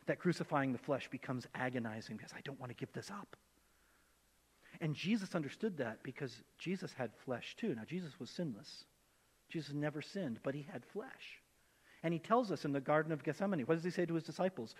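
Male pastor, conversational sermon, slightly high voice, echoing church hall. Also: normal speed. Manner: conversational, animated, acts out voices in quotes.

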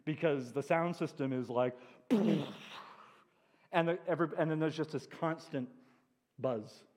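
A man preaching as a pastor, telling stories with animated asides in a church sanctuary. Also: on the high side, moderate pace. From New England. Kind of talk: sermon. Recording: long church hall reverb.

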